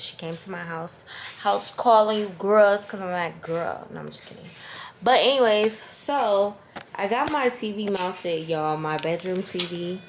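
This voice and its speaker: A woman's voice: lowish voice, creaky. A woman vlogging casually from her bedroom, chatty and slangy, swearing freely and talking into a handheld phone camera. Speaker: lifestyle vlogger. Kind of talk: casual chatty vlog talk. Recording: echoey room with faint background noise.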